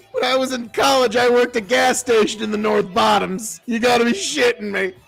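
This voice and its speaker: A man hosting a casual livestream as a farmer, rambling and swearing freely, easily excited. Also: very high voice, creaky. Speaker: livestream host and seed farmer.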